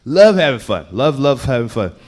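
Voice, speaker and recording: A man telling a story on a comedy club stage, swinging between loud bursts and low asides. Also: sing-song, normal speed. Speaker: stand-up comedian. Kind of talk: stand-up storytelling.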